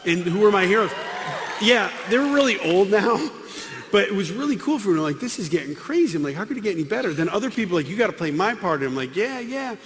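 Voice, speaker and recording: A middle-aged man giving a comic testimony to a live audience, acting out the dialogue with lively voices. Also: sits high, fast talker. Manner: animated, acts out dialogue with voices. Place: large hall with live audience. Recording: long hall reverb, faint room noise.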